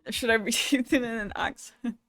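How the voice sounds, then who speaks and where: A woman's voice: a little high, steady tone, fairly bright tone. A young woman streamer chatting casually and reading viewer messages aloud, swearing freely in a loose, joking way. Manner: casual, profane, quick to laugh.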